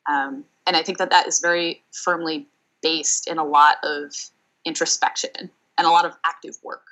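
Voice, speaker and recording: A woman career coach answering interview questions in a thoughtful way, with frequent fillers and pauses. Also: low voice, fairly even intonation, fairly bright tone, low-quality recording. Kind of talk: podcast interview.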